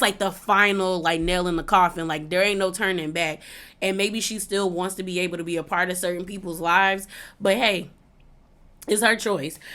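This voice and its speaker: A woman's voice: medium pitch, fairly bright tone. A woman giving a casual, chatty recap of a reality TV episode, peppering her talk with "like" and acting out what the cast said. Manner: chatty, heavy use of "like", acts out quotes.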